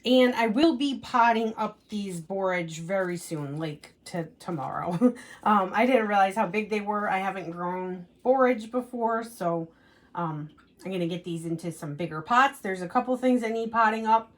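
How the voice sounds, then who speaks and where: A woman's voice: mid-range voice, normal speed. A woman hosting a casual gardening vlog, chatting upbeat about her seedlings indoors, with lots of "um" and "like". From United States. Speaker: gardening channel host. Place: indoors at a window plant rack.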